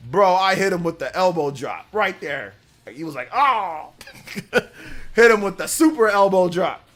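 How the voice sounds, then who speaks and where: A man's voice: sits high, lively intonation, moderate pace, fairly bright tone. A young man hosting a livestream, telling a rambling school story in casual chat and thanking viewers for donations. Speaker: livestream host.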